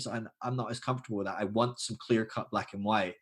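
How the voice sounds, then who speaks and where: A man's voice: lowish voice, quick pace, few pauses, slightly rough. A man in his thirties, a podcast guest talking casually, thinking aloud with fillers and restarts and acting out quoted voices. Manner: animated, acts out quoted voices. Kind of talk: casual conversation.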